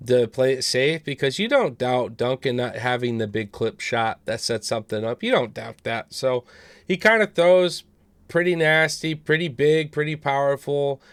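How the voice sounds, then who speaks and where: Podcast co-host, male, smooth dry voice, easygoing and sweary. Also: medium pitch, expressive, normal speed, a bit bright, no echo. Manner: laid-back, profane, chatty. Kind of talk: casual podcast banter and fight picks.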